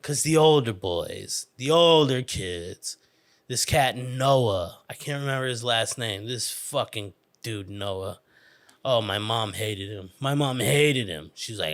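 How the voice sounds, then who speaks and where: A man hosting a podcast, telling a childhood story in a rambling, profane, animated way. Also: mid-range voice, takes it slowly. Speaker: podcast host. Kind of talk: casual storytelling monologue.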